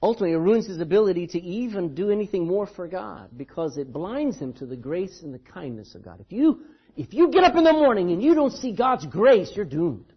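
A man's voice: high-pitched, very animated, fairly quick, husky, lo-fi sound. A man preaching a sermon in a church, telling the story dramatically and with emphasis. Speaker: pastor.

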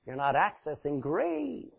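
A husky-voiced man preaching with a very lively, wide-ranging delivery. He swings from loud, stretched-out emphasis to quiet asides and laughs often. The recording sounds dull and lo-fi. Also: fairly high pitch, a little slow. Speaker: pastor. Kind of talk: sermon.

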